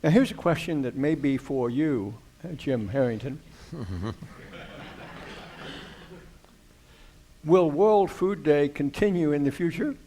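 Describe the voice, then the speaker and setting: A man's voice: fairly high pitch, moderate pace, few pauses, background noise. Brief: male panel moderator, lightly raised voice, easygoing friendly questions.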